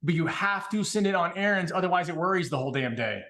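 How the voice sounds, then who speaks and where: A man's voice: sits high, animated, quick pace, pushed and bright. A man in a casual chat, talking emphatically and swearing casually.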